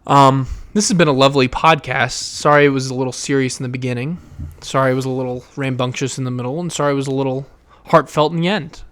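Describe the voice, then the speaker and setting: A young man hosting his own podcast, talking loudly and emotionally in a rambling way, with fillers and swearing. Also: medium pitch, steady tone, fast talker. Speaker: podcast host. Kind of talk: casual solo podcast monologue.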